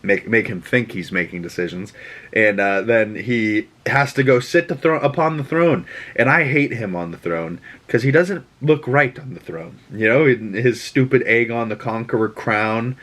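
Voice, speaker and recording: A man's voice: medium pitch, moderate pace. A man with a Boston accent, hosting a podcast and rambling through a casual episode recap, acting out characters' lines as he goes. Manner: rambling, animated, quotes characters in put-on voices. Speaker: podcast host.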